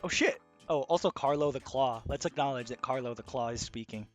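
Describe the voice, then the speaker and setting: A man giving casual, excitable video game commentary, swearing freely. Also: mid-range voice, brisk, soft background music. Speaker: let's play host.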